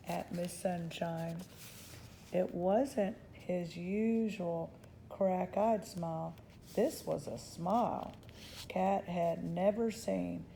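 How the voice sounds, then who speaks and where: A woman reading a children's novel aloud in a gentle, unhurried storytelling voice. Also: fairly low pitch, gravelly, a little hiss or hum, poor audio. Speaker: storybook reader.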